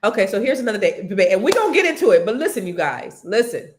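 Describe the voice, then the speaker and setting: A middle-aged woman from California chats as a co-host, teasing her partner and laughing often. Her pitch swoops and climbs with a lively, animated sweep. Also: fast talker, background noise. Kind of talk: casual chat.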